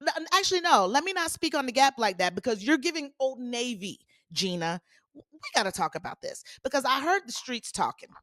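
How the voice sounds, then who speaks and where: A woman hosting a solo commentary podcast, talking in a sassy, animated way with playful asides to her listeners. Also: high-pitched, brisk, dry recording, clean studio sound. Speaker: podcast host.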